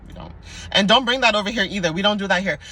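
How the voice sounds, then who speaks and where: Young woman, casual oracle reader, bright tone, chatty and sassy, faint room hum behind. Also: medium pitch, rapid-fire. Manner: chatty, playful and sassy, with frequent laughs. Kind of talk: casual spiritual card reading.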